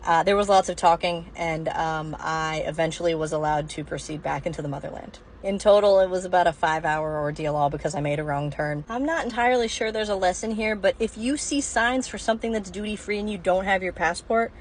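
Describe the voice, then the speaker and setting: Wry lower-voiced woman telling a story. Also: fairly quick, hardly any pauses, a little hiss or hum. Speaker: doctor. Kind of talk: personal anecdote vlog.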